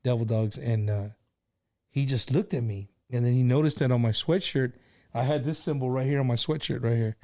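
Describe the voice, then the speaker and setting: A man's voice: mid-range voice, a little fast, a little mellow. A middle-aged man hosting a casual live stream, chatting and telling stories in an easygoing way, with plenty of "you know" and "man".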